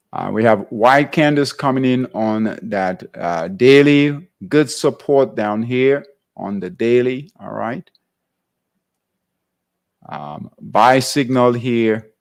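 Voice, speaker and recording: Hosting a live trading show, a man with a gravelly, medium-pitched voice reasons aloud while going over charts. Between phrases he keeps asking "all right?".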